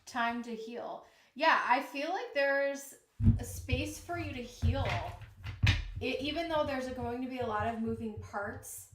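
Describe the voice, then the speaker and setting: Tarot reader, woman, slightly high voice, unhurried and soothing, jet-lagged and weary, echoey room with noise behind. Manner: slow, soothing, reassuring. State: tired from jet lag. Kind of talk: live-streamed tarot reading.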